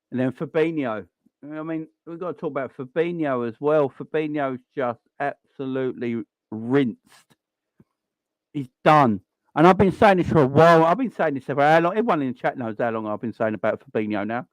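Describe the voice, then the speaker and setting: A man with a South London accent hosts a casual football live stream. He sounds blunt and opinionated and circles back to the same points. His voice sits at a middle pitch and is recorded dry, with no room sound. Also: no room sound. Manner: blunt, opinionated, repeats himself. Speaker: host of a football call-in stream.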